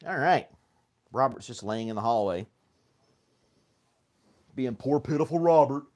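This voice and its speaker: A man, talking at a middling pitch as he hosts a relaxed morning live stream from home. He rambles through loose chat, laughs easily and calls out viewers by name. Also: measured pace. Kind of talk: casual chat with live chat readers.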